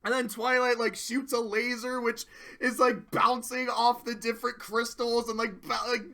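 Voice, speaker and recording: A young adult reviewer giving casual spoken commentary, profane and excitable, ranting with sudden loud bursts. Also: medium pitch, moderate pace. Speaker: video reviewer.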